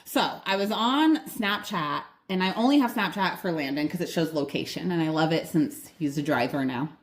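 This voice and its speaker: A middle-aged woman co-hosting a podcast, telling a story in an animated, blunt way and swearing freely. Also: deep voice, moderate pace, few pauses. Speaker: podcast co-host. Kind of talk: casual chat.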